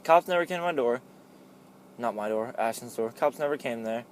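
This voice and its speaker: A man's voice: mid-range voice, brisk, slight background noise. A young man telling a story among friends in a casual chat, rambling with lots of "like" and laughing often.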